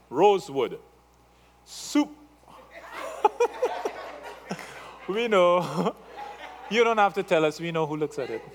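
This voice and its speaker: A male pastor with an accent, preaching a sermon in a playful way, teasing his congregation and checking in with them through frequent questions. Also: fairly high pitch. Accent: non-native English.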